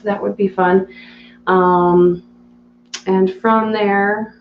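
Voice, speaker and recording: Woman streamer with a gravelly edge, chatty and laughing between chat reads, in a roomy, slightly dull home recording. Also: mid-range voice, fairly even intonation, drawn-out words, a little hiss or hum. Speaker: live streamer reading chat. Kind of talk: casual live-stream chat.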